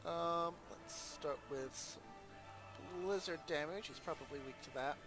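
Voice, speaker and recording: A man's voice: a little high, unhurried, over music. A man hosting a let's play, giving casual gameplay commentary and thinking aloud with chatty asides.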